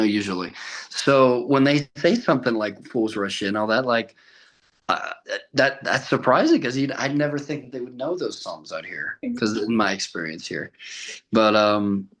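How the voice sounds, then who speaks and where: A young man in a relaxed podcast conversation, pitched in the middle range. He tells stories at length, laughs often, and briefly mimics the people he quotes. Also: low-quality recording. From Colorado. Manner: chatty storyteller, laughs often, acts out other voices. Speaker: tribute artist for a famous singer, guest. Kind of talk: casual podcast chat.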